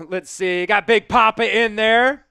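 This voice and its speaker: A man hosting a live stream, chatting with viewers and shouting excited play-by-play football calls. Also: sits high, takes it slowly, vocal fry, smooth, no room sound.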